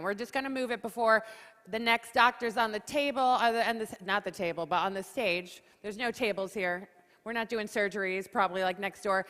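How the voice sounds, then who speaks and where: Lively New York woman hosting on stage. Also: a little high, brisk. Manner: lively, joking, rallies the audience. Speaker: conference emcee. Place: large conference hall. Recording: reverberant hall.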